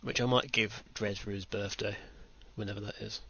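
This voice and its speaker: A man's voice: on the low side, fairly even intonation, moderate pace, vocal fry, very noisy. Rambling British man hosting a podcast. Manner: rambling, dry self-mocking. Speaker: podcast host. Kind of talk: casual chat. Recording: dull lo-fi home recording.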